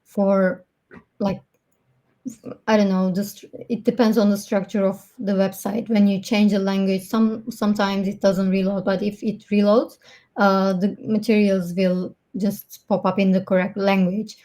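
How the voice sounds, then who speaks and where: A woman in customer support giving a live webinar demo over a video call, explaining product settings with frequent ums and pauses. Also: medium pitch, level tone, dark tone. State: out of breath.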